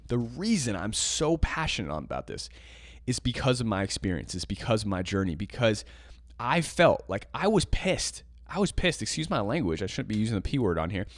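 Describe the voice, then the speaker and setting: A man's voice: medium pitch, no echo, studio quality. A man hosting a podcast, talking about teaching jazz piano in an emphatic, impassioned monologue that circles back and repeats itself. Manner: passionate, emphatic, ranting with repetitions.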